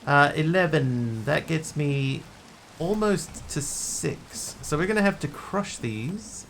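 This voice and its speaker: A man's voice: a little high, takes it slowly, creaky, fairly bright tone, slight background noise. A man streaming a game, chatting and joking with his chat as he plays. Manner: chatty, jokey, talks to chat while playing. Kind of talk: casual gameplay commentary.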